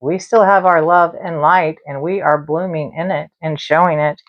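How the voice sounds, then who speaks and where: A woman's voice: low-pitched, fairly even intonation, moderate pace, highs cut off. Chatty woman hosting a live stream. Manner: chatty, talks straight to viewers and spirits. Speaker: live-stream tarot and spirit box host. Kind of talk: casual live-stream chat.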